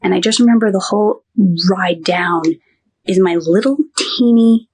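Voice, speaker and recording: A woman's voice: medium pitch, moderate pace, darkish tone, breathy edge. A woman who works as a nurse, telling a personal story in a podcast interview in a chatty way, full of "like" and "he goes".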